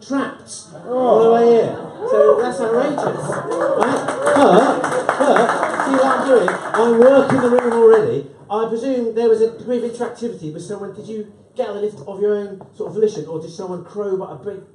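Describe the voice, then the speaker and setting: A man's voice: high-pitched, moderate pace, few pauses, far from the mic, background noise. A man in his fifties hosting and speaking at a live event, chatty and joking, tagging "right?" onto his lines. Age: 50s. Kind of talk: humorous live talk to an audience. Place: event room with an audience. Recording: roomy, voice from off the mic.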